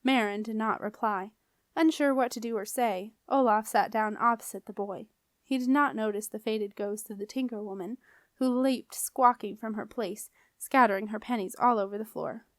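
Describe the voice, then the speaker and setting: A woman reads a children's novel aloud in a calm, clear and expressive way. Her voice sits fairly high and the recording is close and dry, with no room around it. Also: moderate pace, no echo. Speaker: audiobook reader. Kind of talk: storybook narration.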